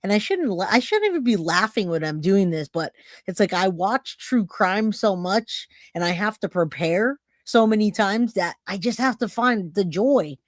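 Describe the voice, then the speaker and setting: A woman's voice: mid-range voice, expressive, normal speed, no echo, studio quality. A woman hosting a true crime livestream, chatting casually, laughing and thanking viewers by name. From California.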